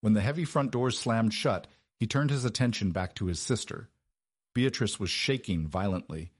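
A man with a low, husky voice narrates a period romance in a measured, dramatic manner. The recording is close and dry, with no room sound. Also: no room sound. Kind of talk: scripted narration.

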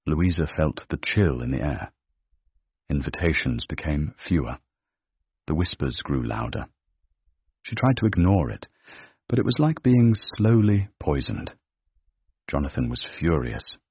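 A man narrating a period romance story in a measured, dramatic manner. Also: extremely low pitch, lively intonation, slightly rough, no echo. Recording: dry, dull lo-fi.

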